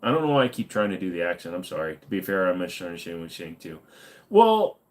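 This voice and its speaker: A man's voice: deep voice, very animated, quick pace. A man hosting a casual livestream, reading chat aloud and answering in a blunt, profane, ranting way.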